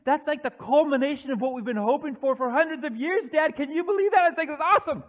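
A man preaching, acting out young Joseph as an excited young man who stammers and gushes into a phone call to his dad. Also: extremely high pitch, quick pace, voice pushed up. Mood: eager. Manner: breathless, stammering, gushing. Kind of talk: dramatized monologue in a sermon.

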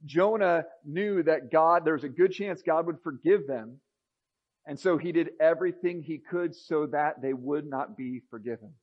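A man preaching a sermon, reading scripture aloud and swinging between a near hush and raised emphasis. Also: on the high side, normal speed, dull audio. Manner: expressive, rising and dropping to a near hush.

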